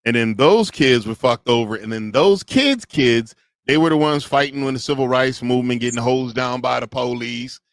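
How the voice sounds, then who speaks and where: A man co-hosting a reaction podcast, arguing his point through animated storytelling. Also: mid-range voice, moderate pace, hardly any pauses, dry recording. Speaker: podcast co-host. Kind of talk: casual reaction commentary.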